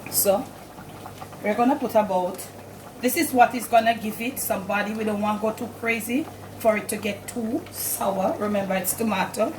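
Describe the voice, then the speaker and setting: A woman's voice: mid-range voice, moderate pace, noisy background. A middle-aged woman with a Jamaican accent hosting a home cooking demonstration, chatting to viewers as family and repeating "look at me here". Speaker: cooking show host. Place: home kitchen.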